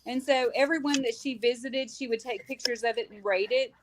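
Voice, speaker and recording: High-voiced chatty woman. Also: a little fast, low-quality recording. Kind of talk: casual live-stream chat.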